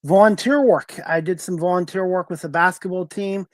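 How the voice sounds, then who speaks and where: A man hosting a talk show over a video call, asking guests steady, earnest questions. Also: sits high, normal speed, dry recording. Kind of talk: casual interview.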